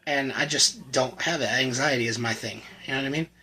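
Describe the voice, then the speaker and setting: A man in his thirties giving a candid personal testimony as a channel host, halting and full of restarts. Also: medium pitch, sharp tone, breathy edge, low-quality recording. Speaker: channel host telling his recovery story. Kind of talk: personal testimony, casual storytelling.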